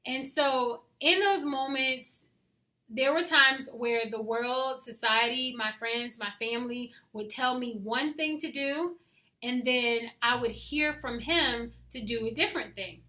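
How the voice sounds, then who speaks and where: Bright-voiced hyper woman sharing faith. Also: a little high, measured pace. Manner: hyper, animated, drops to soft asides. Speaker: faith vlogger. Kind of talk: casual devotional talk to camera.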